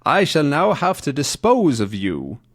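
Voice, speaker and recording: A man's voice: fairly high pitch, huge pitch swings, measured pace, voice pushed up, full character voice. A man voicing a smug, menacing male villain from a comic, with a put-on mock German accent. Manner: exaggerated, threatening, gloating.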